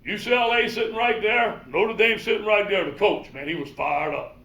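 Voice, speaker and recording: A man with a Cajun accent, a football coach telling animated motivational stories and acting out the dialogue. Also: sits high, moderate pace, creaky. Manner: animated, acts out quoted dialogue. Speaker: football coach giving a presentation. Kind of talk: motivational storytelling talk. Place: presentation room. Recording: roomy hall, mic from far off.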